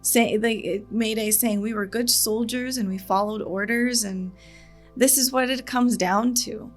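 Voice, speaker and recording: A woman's voice: fairly high pitch, steady tone, unhurried, faint music behind. A woman hosting a reaction channel. She talks in a casual, earnest, rambling way, with nervous laughs when she gets upset.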